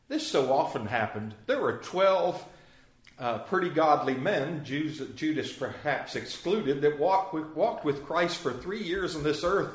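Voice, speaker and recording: A man giving a conversational, verse-by-verse Bible lesson, often asking his listeners questions. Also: on the high side. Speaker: Bible teacher. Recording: roomy echo.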